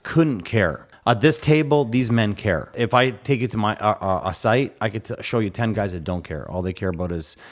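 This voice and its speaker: A man's voice: fairly low pitch, moderate pace, hardly any pauses. A man hosting a podcast, pressing his guest with questions and making emphatic points about work habits. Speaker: podcast host. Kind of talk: casual podcast chat.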